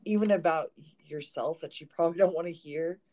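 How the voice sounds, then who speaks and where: A woman's voice: deep voice, fairly quick, mellow. A woman co-hosting a podcast in casual chat, blunt and self-mocking, swearing freely. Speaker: podcast co-host.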